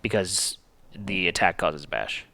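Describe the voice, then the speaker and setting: A man hosting a streamed board game session, reading rules aloud and counting dice in a casual, animated way. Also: low-pitched, takes it slowly, vocal fry. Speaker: game host.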